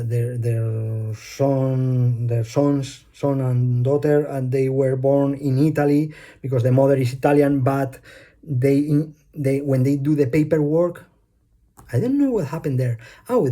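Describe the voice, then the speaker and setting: A man with a Spanish accent talks into his phone in a loose, rambling vlog monologue. His English comes with many pauses and fillers, and he drifts between thoughts. His voice is mellow and a little high for a man. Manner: hesitant, many fillers, loses his thread. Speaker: vlogger.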